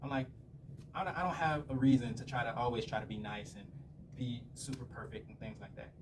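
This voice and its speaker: This vlogger speaks at medium pitch in a steady tone, a little on the fast side. He rambles through profanity-laced stories in a loose rant aimed at the camera, recorded from a slightly distant mic with faint room noise in the background.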